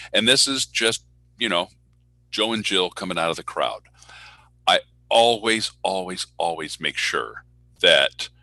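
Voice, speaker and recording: A man's voice: deep voice, no echo, rough recording. A man who works as a public address announcer, telling stories in a casual online Q&A and acting out the voices in his anecdotes. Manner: animated storyteller who acts out voices in anecdotes. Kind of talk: casual talk in an online speaker Q&A. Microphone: video call.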